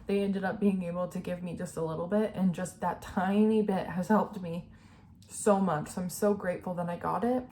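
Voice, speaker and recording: Young woman, candid personal vlog, earnest and emotional, filler-heavy, average pitch. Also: a little mellow, slight background noise. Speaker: vlogger.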